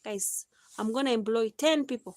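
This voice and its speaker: A woman's voice: fairly high pitch, moderate pace, darkish tone, dry recording. A Kenyan woman in her thirties chatting casually on her live stream, laughing often and slipping into preachy advice.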